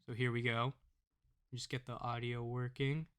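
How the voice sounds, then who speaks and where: A man's voice: mid-range voice, level tone, normal speed, a bit bright, clear, resonant tone. A man giving scornful, ranting political commentary on his own channel, tagging his points with "all right?" again and again.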